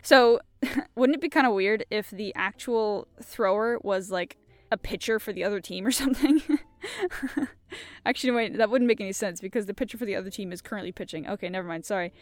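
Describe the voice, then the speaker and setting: A woman's voice: mid-range voice, a little fast, no echo. A young woman hosting a show, chatting casually and giggling as she reads mystery puzzles aloud, rambling with many fillers. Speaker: podcast host.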